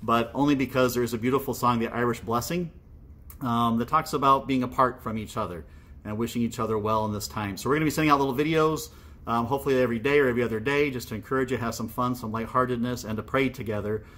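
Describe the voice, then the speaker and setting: A man's voice: mid-range voice, steady tone, quick pace, fairly bright tone. A man who is a parish priest, speaking in a friendly, encouraging, casual way to his parishioners, often checking in with "right?". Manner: friendly and encouraging, with tag questions to listeners. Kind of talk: casual pastoral video message.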